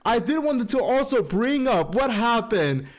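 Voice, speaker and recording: A man's voice: very high voice, big pitch swings, unhurried. A man recapping an anime episode in a casual vlog, gushing, chatty and full of profanity. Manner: calls listener "girl" often.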